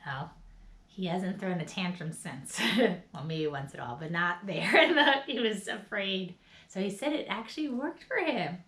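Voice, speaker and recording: A woman's voice: medium pitch, lively intonation, unhurried, fairly bright tone, echoey room. A woman leading a guided laughter and movement class, upbeat and coaching, with bursts of laughter. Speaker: wellness instructor.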